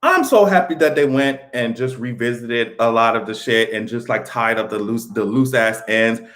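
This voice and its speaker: A man talking in a casual commentary vlog, animated, swearing freely and laughing often. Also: mid-range voice, moderate pace. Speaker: vlogger.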